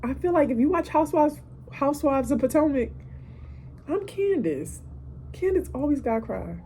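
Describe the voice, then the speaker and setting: Mellow-voiced woman sharing gratitude. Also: high voice, lively intonation, normal speed, slight background noise. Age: 30s. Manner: emotional, preachy, asides like "listen" and "okay". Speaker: podcaster. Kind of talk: casual heartfelt monologue. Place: hotel room.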